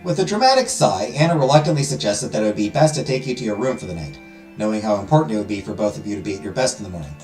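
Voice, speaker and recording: A man's voice: fairly low pitch, big pitch swings, very fast, darkish tone. A man hosting a let's play, reading a visual novel aloud with dramatic storytelling and joking asides. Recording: roomy echo with music behind.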